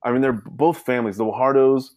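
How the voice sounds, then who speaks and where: A man telling his family story as a guest in a casual interview, rambling with many fillers and animated retelling. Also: mid-range voice, quick pace, no echo, lo-fi sound. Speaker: guest, son.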